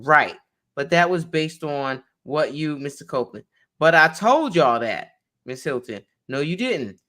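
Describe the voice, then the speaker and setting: A woman's voice: sits low, lively intonation, unhurried, fairly bright tone. A woman attorney reading a court transcript aloud in a conversation, naming each speaker as she goes.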